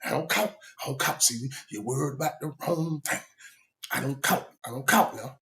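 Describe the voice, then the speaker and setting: A man voicing a small, thin, joking prison roommate with a South Georgia accent, who brushes questions off quickly. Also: medium pitch, vocal fry, sharp tone. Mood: evasive.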